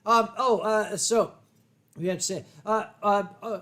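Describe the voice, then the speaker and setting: A man's voice: high-pitched, fairly even intonation, slow pace, sharp tone. A middle-aged man hosting a casual drinking chat, rambling and swearing with many fillers and restarts. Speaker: host.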